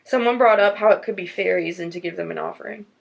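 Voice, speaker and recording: A woman's voice: mid-range voice, fast talker, creaky, highs cut off. A woman hosting a podcast, chatting casually and reading ghost stories aloud in a storytelling tone. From North Carolina. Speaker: podcast host.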